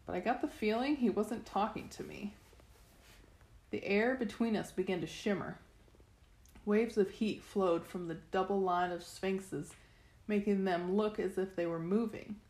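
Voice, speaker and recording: A woman reads a novel aloud in the first person, her pitch sitting in a mid range. She tells the story steadily and sometimes restarts a phrase. The recording is roomy and echoey. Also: a little slow, a little mellow. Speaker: reader. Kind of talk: first-person audiobook narration. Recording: echoey room.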